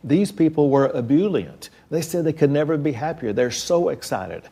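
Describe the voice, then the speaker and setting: Gravelly insistent man from Texas. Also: on the high side, lively intonation, normal speed, mellow. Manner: insistent, restarts, on-message. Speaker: politician guest. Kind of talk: interview answers.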